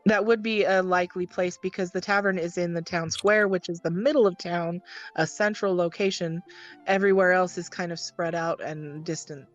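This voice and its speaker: A woman narrating as game master of a tabletop game, explaining calmly with frequent pauses and ums. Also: on the low side, lo-fi sound, soft background music.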